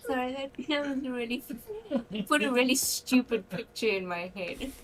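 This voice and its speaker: Lively joking woman, faint noise. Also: high voice, moderate pace. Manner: playful, joking. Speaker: co-player. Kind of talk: casual gaming chat.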